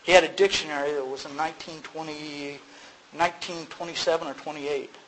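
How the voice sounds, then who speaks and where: A middle-aged man tells his story at a recovery meeting in a relaxed, conversational voice pitched a little above the usual. He acts out both sides of the remembered conversations, jumping up in pitch, and laughs at himself. A faint room hum sits underneath. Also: brisk, low-quality recording. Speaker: speaker sharing at a recovery meeting. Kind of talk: personal testimony to a group.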